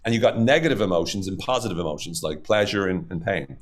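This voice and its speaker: A man's voice: deep voice, lively intonation, fast talker. A man talking as a podcast guest, explaining ideas in casual conversation, with many fillers and lists of examples. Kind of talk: casual interview talk.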